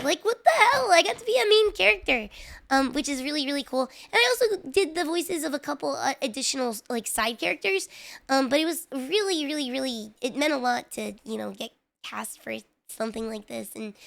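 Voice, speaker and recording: A woman streamer in casual live-stream chat, excitable and chatty, talking straight to her viewers. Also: high-pitched, gravelly.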